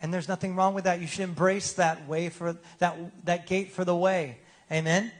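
A man's voice: high voice, flat delivery, moderate pace. A man preaching a sermon as pastor in a casual, joking way, often asking the congregation for replies.

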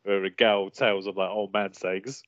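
A man's voice: lowish voice, measured pace, dry recording. A man from England co-hosting a casual podcast, reading list items aloud and laughing often. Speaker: podcast co-host. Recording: dull lo-fi sound.

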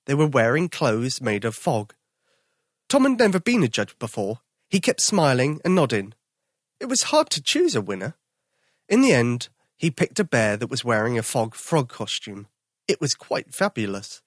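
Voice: medium pitch, normal speed, dry recording, studio quality. A storyteller reading a bedtime picture book aloud to young children. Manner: expressive.

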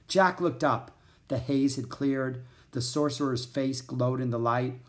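A man narrating a children's book in an expressive storytelling manner. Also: mid-range voice, measured pace. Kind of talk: children's audiobook reading.

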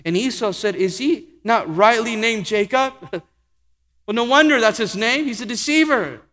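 A pastor preaching a sermon with emphatic delivery, slowing and speeding up for effect and repeating key phrases. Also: male voice, extremely high pitch, expressive, pushed and bright. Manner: emphatic preaching, varying pace and volume. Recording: echoey hall with long reverb.

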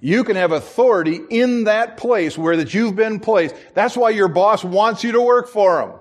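Preaching at a moderate pace in a high-pitched voice, a middle-aged man serving as pastor delivers a sermon built on stories. He performs the quoted voices of the characters and laughs softly at his own remarks.

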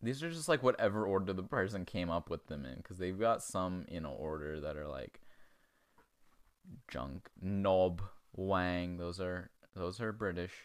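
A man's voice: sits low, a little slow, clean tone, no echo. A man hosting a comedy podcast, rambling crudely in casual chat and chuckling as he goes. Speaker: podcast host.

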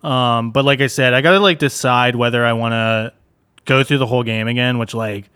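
A man's voice: medium pitch, a little fast, smooth. A young man co-hosting a podcast, chatting casually and rambling with lots of fillers. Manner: relaxed, rambling, lots of "like" and "dude". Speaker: podcast co-host. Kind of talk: casual chat.

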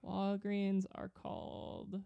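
A woman's voice: medium pitch, monotone, slow pace, vocal fry, clear, resonant tone, no echo, muffled recording. A woman co-hosting a casual podcast chat. She rambles through a story, giggles often, and trails off mid-thought before starting again. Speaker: podcast co-host.

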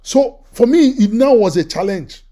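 Preacher, male, high pitch, mellow tone, lively storytelling delivery. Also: moderate pace. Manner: animated, repeats words, acts out quoted voices. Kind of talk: sermon with personal storytelling.

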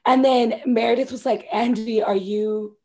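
Speaking at a measured pace in a voice on the high side, this woman co-hosts a podcast. Her reality show recap is gossipy and profane, and she brings the cast's lines to life with animated quoting.

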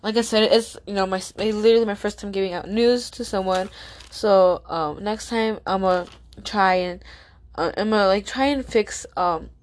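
A young woman hosting a casual podcast, reacting excitedly to a video with frequent exclamations and fillers. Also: medium pitch, moderate pace. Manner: gushing, exclamatory, many fillers. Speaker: podcast host.

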